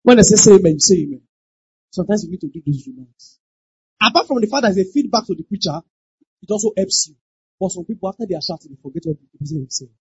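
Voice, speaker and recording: A pastor preaching a sermon, emphatic, repeating lines and breaking into shouted exclamations. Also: mid-range voice, animated, fast talker, no echo. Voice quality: very husky. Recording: dull lo-fi dry recording.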